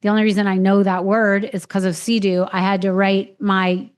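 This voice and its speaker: A woman's voice: medium pitch, level tone, moderate pace, clear, resonant tone. Woman host telling a raw personal story. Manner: frank, swears freely, retells with quoted voices. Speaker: podcast host.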